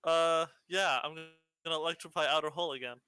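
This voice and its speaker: A man's voice: a little high, steady tone, moderate pace, bright, forceful tone, faint music behind. A man playing a tabletop game, talking hesitantly with lots of ums and casual swearing. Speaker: player.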